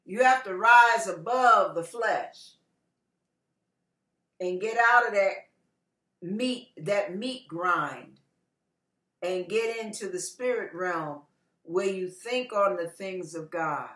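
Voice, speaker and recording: A woman pastor preaching an impassioned online sermon, moving from hushed, slow teaching to tearful, shouting fervor. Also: medium pitch, reverberant.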